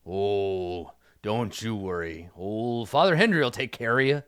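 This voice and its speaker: A man's voice: on the low side, lively intonation, measured pace, a bit bright, smooth, no room sound, clean studio sound, voice pushed down. A man voicing a cheery old skeleton camp doctor in monk's robes, who speaks in a jolly, folksy and reassuring way. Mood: soothing.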